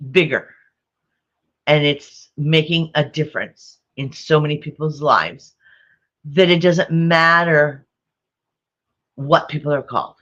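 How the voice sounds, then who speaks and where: A woman's voice: sits low, fairly bright tone, muffled recording. A woman vlogger telling a rambling family story, repeating herself and chuckling often. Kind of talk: casual storytelling.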